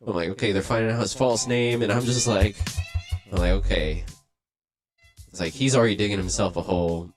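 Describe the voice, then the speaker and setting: A man hosting a livestream, casually telling a profane, animated story and acting out quotes along the way. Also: lowish voice, brisk, faint music behind. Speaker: livestream host.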